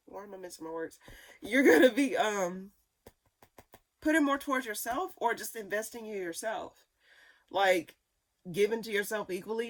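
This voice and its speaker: A woman with a medium-pitched, somewhat bright voice does a casual tarot reading. She rambles in loose sentences, filling them with fillers, restarts, and repeated phrases.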